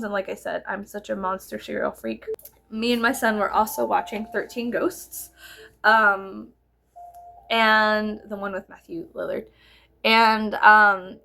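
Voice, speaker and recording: A woman in her thirties chatting casually while doing her makeup, animated and laughing, swearing freely as she tells stories. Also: mid-range voice, creaky, a little hiss or hum. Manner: animated, swearing, giggly storyteller. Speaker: vlogger. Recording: music playing behind.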